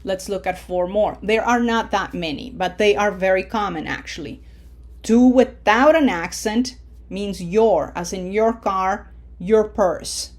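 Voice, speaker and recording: A woman teaching a Spanish pronunciation lesson, explaining patiently, checking in with "okay?" and modeling words slowly. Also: mid-range voice. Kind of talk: classroom lesson.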